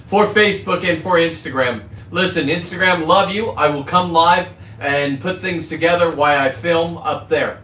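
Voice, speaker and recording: Brash middle-aged male streamer, swearing and rambling, voice pitched a bit high, recorded in a reverberant space. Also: a bit bright, slight background noise. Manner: profane, boisterous, jumps between topics. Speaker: livestreaming content creator. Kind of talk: rambling casual livestream.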